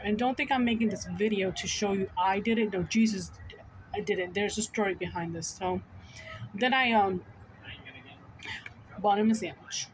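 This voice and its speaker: A woman's voice: medium pitch, moderate pace, long pauses, slight background noise, rough recording. Chatty woman telling a story. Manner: chatty, animated retelling. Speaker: vlogger. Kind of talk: casual storytelling vlog.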